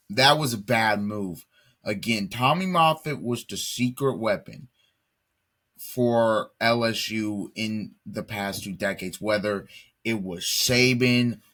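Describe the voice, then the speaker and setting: With a slightly bright voice on the low side, this man hosts a solo sports talk show. He makes his case emphatically, circling back with repetitions and false starts as the argument takes shape.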